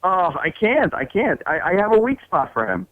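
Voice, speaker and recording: A man's voice: high-pitched, very animated, moderate pace. A male caller on a call-in show, exasperated and stammering as he talks. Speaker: caller, chat room owner. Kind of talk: phone call-in. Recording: tinny phone line.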